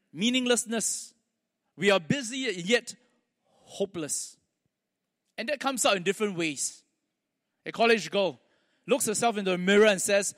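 Male pastor, sermon, storytelling with pauses, high voice, long hall reverb. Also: fairly bright tone.

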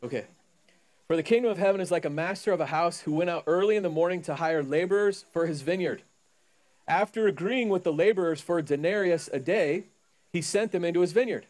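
A man's voice: high-pitched, brisk, a little mellow. A man giving a sermon, reading scripture and then riffing on it in a loose, joking way, acting out the people in the story. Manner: conversational, jokey preaching, acts out characters. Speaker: pastor.

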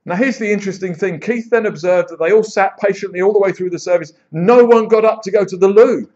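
A man preaching a sermon in church, telling stories with lively acted-out quotes. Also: sits high, fast, few pauses. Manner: animated storyteller, acts out quoted voices. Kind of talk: sermon with storytelling. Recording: dull lo-fi sound.

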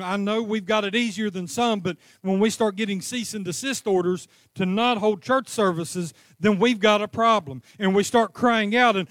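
A man preaching a sermon, crying out passionately at times and easing into a calm teaching tone at others. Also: sits high, normal speed, few pauses, no room sound, clean studio sound. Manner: impassioned preaching, rising to cries then dropping to a calm teaching tone. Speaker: pastor.

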